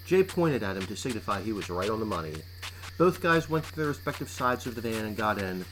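A man's voice: lowish voice, very animated, brisk, a bit bright. Male narrator on a noisy recording. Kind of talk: scripted story narration.

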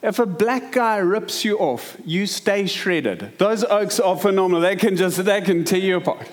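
High-voiced South African male preacher. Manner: lively storytelling, quick asides and humor. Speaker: pastor. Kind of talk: sermon.

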